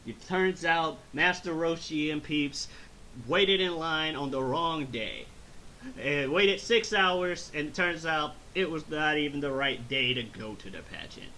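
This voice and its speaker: A man hosting a casual movie review chat, recapping scenes in an animated way with silly voices. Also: on the high side, unhurried, slight background noise, rough recording. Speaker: movie review podcast host.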